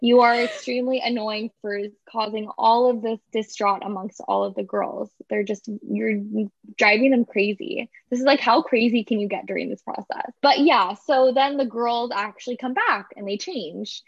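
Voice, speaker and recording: A woman's voice: on the high side, normal speed, dry recording, muffled recording. A woman co-hosting a podcast, casually chatting through a reality show recap, giggly and a bit tipsy. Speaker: podcast co-host.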